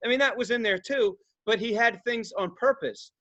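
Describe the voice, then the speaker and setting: High bright-voiced man telling stories. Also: moderate pace. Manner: profane, rambling, acts out quoted voices. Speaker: podcast co-host. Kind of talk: casual storytelling chat.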